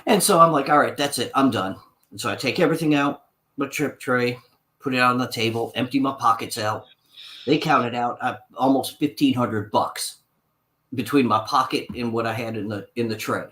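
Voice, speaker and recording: A man spins a long, winding story with plenty of swearing. His voice sits at an ordinary pitch, and he slips into the voices of the people he quotes. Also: moderate pace, sharp tone. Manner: long-winded anecdote, swearing, acts out quotes. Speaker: podcast co-host. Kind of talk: casual storytelling.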